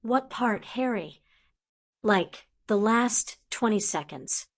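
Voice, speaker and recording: A woman's voice: mid-range voice, lively intonation, slow, gravelly, exaggerated voice. A woman reading an audiobook, voicing an urgent, insistent teenage boy wizard.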